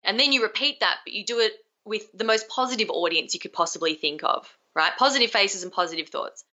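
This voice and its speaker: A woman's voice: mid-range voice, expressive, a little fast, sharp tone, lo-fi sound. A young adult woman, a communication skills coach, being interviewed over a video call, talking energetically and acting out example phrases.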